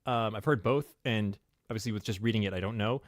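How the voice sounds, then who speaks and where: A man co-hosting a podcast in casual live-stream chat, halting, thankful and quick to laugh, with a tired throat. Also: fairly low pitch, dry recording, clean studio sound. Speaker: podcast co-host.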